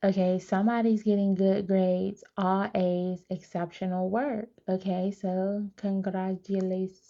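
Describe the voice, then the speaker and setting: Woman psychic reader, gravelly and flat, chatty direct-to-viewer delivery. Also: mid-range voice, unhurried, lo-fi sound. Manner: chatty, animated, talks straight to viewers. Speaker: tarot reader. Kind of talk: live psychic reading.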